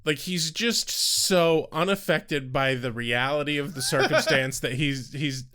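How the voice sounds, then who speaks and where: A man's voice: a little high, a little slow, sharp tone. A man co-hosting a podcast in laid-back casual chat, swearing casually. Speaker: podcast co-host.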